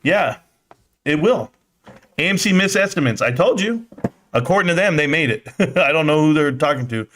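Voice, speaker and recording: A young man rants through a live stock stream, his voice sitting a bit higher than most men's. He swears, vents in disbelief and jumps way up in pitch when he gets worked up, then drops back to mutter at the chat. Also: lively intonation, moderate pace, pauses often, fairly bright tone, slight background noise. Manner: exasperated ranting, swearing, voice jumping up in disbelief. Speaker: livestream host.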